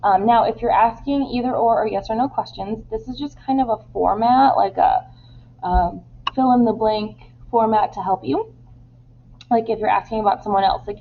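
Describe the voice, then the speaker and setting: A woman's voice: mid-range voice, a little fast, creaky, phone-quality sound. Teacher lady walking students through homework, lots of ums, faint hiss behind. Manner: explains step by step, with many "um" fillers and Spanish examples. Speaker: Spanish teacher. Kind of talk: recorded online class instructions.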